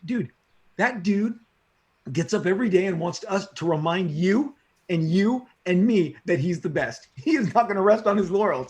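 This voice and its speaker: With a high-pitched voice at a moderate pace, this middle-aged comic book creator shares stories during a casual interview. Excitement makes him slangy and prone to repeating himself.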